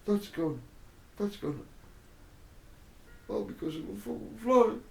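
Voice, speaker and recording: Man playing a swearing, furious rich man; slow delivery, roomy echo. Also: high voice, animated, vocal fry, voice pushed up, full character voice. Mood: despairing. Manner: swearing, ranting. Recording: roomy echo, faint music.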